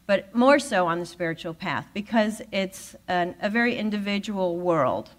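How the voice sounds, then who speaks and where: A woman giving a talk at a spiritual center, telling a personal story with lively acted-out dialogue. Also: mid-range voice, normal speed. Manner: animated storyteller who acts out quoted voices. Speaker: guest speaker at a spiritual center.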